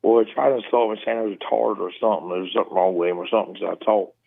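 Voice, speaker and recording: A man with a Southern accent calling in, mumbling and talking fast in casual chat. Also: fairly low pitch, steady tone, gravelly. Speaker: caller. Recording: tinny phone line.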